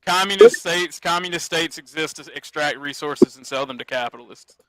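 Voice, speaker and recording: A man arguing quickly in an online debate. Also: fairly high pitch, fairly bright tone, no room sound, low-quality recording. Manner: quick, argumentative.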